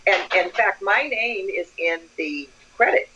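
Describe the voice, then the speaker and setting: A woman's voice: medium pitch, a little slow, muffled recording, loud music behind the voice. An older woman, a community leader, telling stories in an interview and acting out the dialogue. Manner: animated storyteller, acts out quoted dialogue. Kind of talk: storytelling interview.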